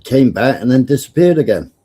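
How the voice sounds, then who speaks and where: A man's voice: medium pitch, very animated, brisk, dark tone, breathy edge. A man hosting a casual livestream, blunt and sweary with teasing banter. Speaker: livestream host.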